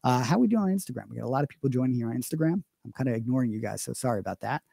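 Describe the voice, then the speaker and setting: A man's voice: medium pitch, expressive, very fast, vocal fry, dark tone, breathy edge, dry recording. A man explaining drumming as a teacher in a live online Q&A lesson, talking emphatically with frequent restarts. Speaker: drum teacher.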